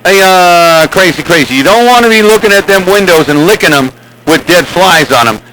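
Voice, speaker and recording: A man's voice: sits high, animated, normal speed, bright, forceful tone, slight background noise, poor audio. A man chatting over CB radio, rambling and teasing, with a repeated "crazy, crazy" catchphrase. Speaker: CB radio operator and channel host. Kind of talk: casual radio banter.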